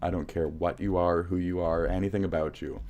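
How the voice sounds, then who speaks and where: Deep-voiced angry American man ranting. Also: steady tone, a little fast, a little mellow, faint music behind. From United States. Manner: heated, profane, insulting chat. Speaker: livestream host. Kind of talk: angry livestream rant.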